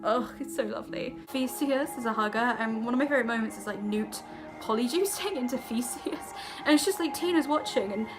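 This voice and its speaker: Young woman gushing about a movie, giggly and rambly, kinda high voice, soft music behind. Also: fairly quick. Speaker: vlogger. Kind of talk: casual film review vlog.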